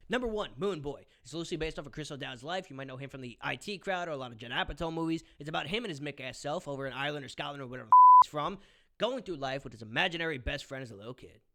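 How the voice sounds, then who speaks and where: A man's voice: high voice, sharp tone, slight background noise. Angry, profane young man ranting. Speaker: vlogger reviewing movies. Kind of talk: ranting commentary.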